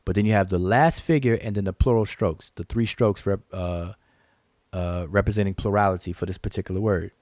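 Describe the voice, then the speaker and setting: This hieroglyph-teaching channel host has a low, darkish voice, steady in tone and fairly quick, recorded dry and close without room sound. Leading a screen-share lesson, he's emphatic and repetitive, counting figures aloud as he points them out and circling back.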